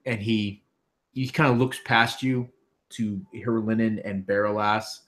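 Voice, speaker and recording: A man's voice: fairly low pitch, little pitch movement, unhurried, fairly bright tone. A man running a tabletop game as game master, narrating loosely with many fillers.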